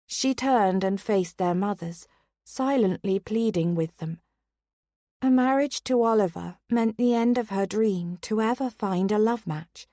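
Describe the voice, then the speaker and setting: Slow, steady woman audiobook narrator. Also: mid-range voice, no room sound, studio quality. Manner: steady, unhurried reading. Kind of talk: scripted romance narration.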